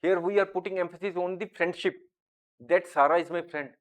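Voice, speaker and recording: A man with a somewhat high voice teaches a grammar lesson. He talks deliberately and draws out each example sentence as he reads it aloud. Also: fairly even intonation.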